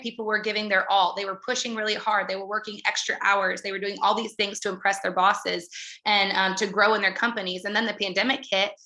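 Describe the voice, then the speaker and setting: A woman coaching her business team in a motivational talk, talking fast and earnestly, with many fillers and restarts. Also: medium pitch, sharp tone, reverberant.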